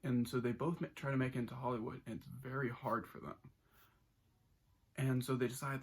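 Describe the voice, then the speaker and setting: A man's voice: mid-range voice, steady tone, a little fast, slightly rough. A man giving a casual, enthusiastic spoken movie review, rambling with many restarts.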